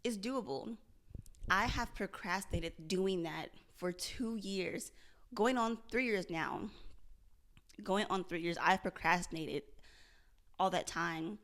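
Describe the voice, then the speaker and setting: A woman's voice: mid-range voice, slow, pauses often, a bit bright. A young woman vlogging candidly about her struggles, earnest and self-searching, often repeating and restarting her phrases. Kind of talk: candid confessional vlog.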